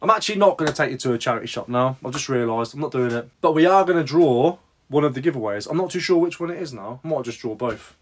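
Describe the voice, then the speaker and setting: A man with a British accent chatting casually in a vlog about reselling, jokey and lively. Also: medium pitch, fast talker. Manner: chatty, jokey, lively bursts of sing-song. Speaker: reseller vlogger.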